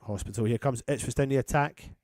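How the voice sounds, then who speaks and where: This chatty Englishman hosts a fan channel's live match watchalong, mixing commentary with viewer comments he reads aloud, and he pauses the play-calling to say hello to people in a matey way. His voice is medium in pitch, a little mellow, and a bit quick. The sound is clean studio audio with no room sound.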